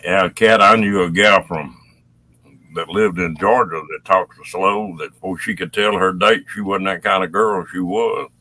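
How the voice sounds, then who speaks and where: A man's voice: deep voice, steady tone, normal speed, bright, forceful tone. A man hosting a live stream, chatting casually and telling folksy jokes. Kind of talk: casual chat.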